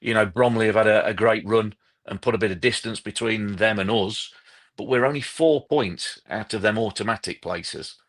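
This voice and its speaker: A man co-hosting a casual football podcast, talking in a measured way and thinking aloud with small restarts. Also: lowish voice, a bit bright. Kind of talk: casual live podcast chat.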